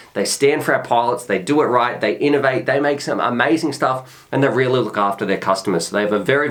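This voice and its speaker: A man's voice: mid-range voice, fairly bright tone. A man hosting a casual drone review with an upbeat, chatty manner, doubling words for emphasis. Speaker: host of a drone review channel.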